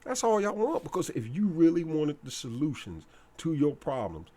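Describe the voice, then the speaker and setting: A man's voice: fairly high pitch, big pitch swings, moderate pace, warm tone. A man delivering a blunt, repetitive, slangy preachy monologue as a commentator.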